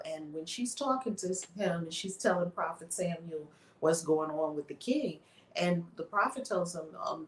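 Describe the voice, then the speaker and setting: Lady guest telling a story all animated, roomy echo, bit of hiss. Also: on the low side, a little slow. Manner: lively retelling with voiced quotes. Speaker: guest author and minister.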